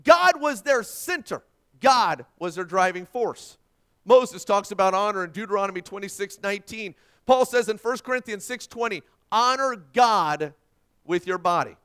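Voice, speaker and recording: A male pastor preaching a sermon, quoting scripture and swinging from forceful emphasis to hushed tones. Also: high voice, expressive, normal speed, clean tone.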